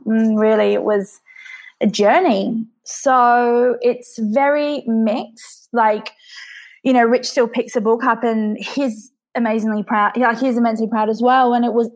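A woman podcast guest talking candidly and emotionally about her life, reflective and full of restarts. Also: on the high side. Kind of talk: candid conversational interview.

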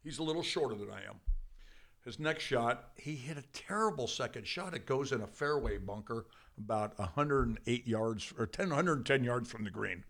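An older man, a guest in a studio interview, telling a long anecdote in a lively, casual way with frequent swearing and bursts of laughter. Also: medium pitch, normal speed. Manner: animated, swears freely, breaks into laughter.

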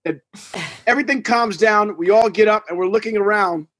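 A man from New York tells stories in a relaxed chat. He acts them out with quotes and sound effects. His voice sits a touch high, and it is recorded dry and close with no room sound. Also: fairly quick, dry recording. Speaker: guest. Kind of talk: casual storytelling chat.

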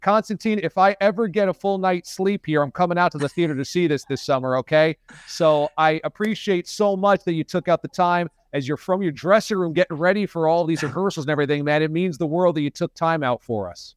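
A man's voice: fairly high pitch, a little fast, few pauses, clear, resonant tone. A man hosting a podcast, chatting enthusiastically and casually like a sports fan. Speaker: podcast host.

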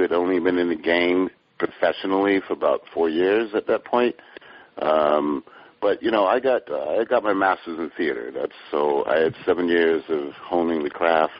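A man's voice: deep voice, no echo. An older man, a guest actor, chatting casually in a podcast interview with a joking, storytelling manner. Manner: joking, storytelling, drawn-out delivery. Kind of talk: casual chat. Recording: dull lo-fi podcast audio.

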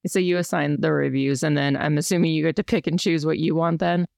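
Chatty woman podcast host with vocal fry. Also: low-pitched, steady tone, brisk, darkish tone, dry recording, studio quality. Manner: chatty, laughs often, quotes herself in playful voices. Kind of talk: casual podcast chat.

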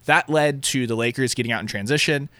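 Bright-voiced man breaking down stats. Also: mid-range voice, fairly quick, no echo. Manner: earnest, explains at length. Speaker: sports analyst. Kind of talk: casual sports chat.

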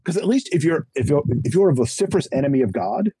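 A middle-aged man speaking as a podcast guest, his husky, mellow voice swinging widely in pitch as he preaches with emphasis. He pokes fun at himself along the way. The sound is close and dry. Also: big pitch swings, fast talker, dry recording, low-quality recording. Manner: self-deprecating humor. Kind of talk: animated conversational testimony.

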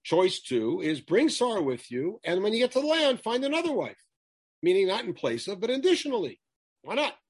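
Lively husky man teaching scripture. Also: high-pitched, brisk, no room sound. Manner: lively, emphatic, quotes Hebrew verses then translates. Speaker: Bible teacher. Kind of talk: Torah lesson.

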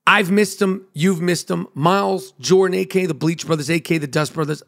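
A man's voice: high voice, normal speed, creaky. A man hosting a comedy podcast, riffing through a monologue in a hyped-up, profane, joking way. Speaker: podcast host.

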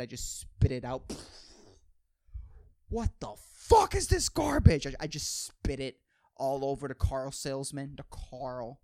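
A man's voice: medium pitch, a little mellow, no echo, clean studio sound. A man with a Puerto Rican accent hosting a podcast, rambling through a goofy comedic monologue and swearing casually. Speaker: podcast host.

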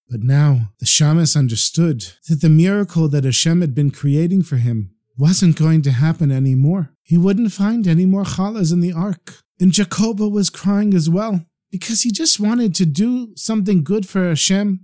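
A man telling a story aloud in a lively, animated way. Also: high-pitched, moderate pace, hardly any pauses. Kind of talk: oral storytelling.

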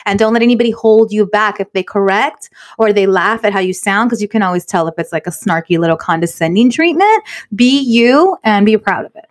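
Brisk woman co-host from California, earnest, encouraging, casual chat. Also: mid-range voice. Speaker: podcast co-host.

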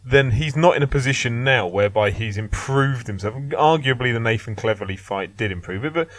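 A man's voice: medium pitch, a little fast, a bit bright. A man giving blunt, opinionated boxing analysis in a casual podcast chat, laughing and swearing now and then. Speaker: boxing pundit.

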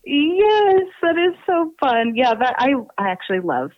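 A woman's voice: high voice, big pitch swings, a little slow, no room sound. A woman with a New Jersey accent, chatting casually as a podcast guest, laughing often and swearing freely. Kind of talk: casual interview chat. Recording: tinny phone line.

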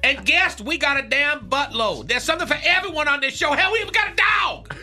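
A man's voice: very high-pitched, sing-song, a little fast. A man voicing a brash, boastful male rap master who makes up long words in a comedy radio bit.

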